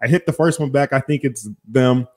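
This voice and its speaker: A young man hosting a podcast, telling a story in casual chat, animated and profane, acting out both sides of phone calls. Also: medium pitch, fairly quick. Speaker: podcast host.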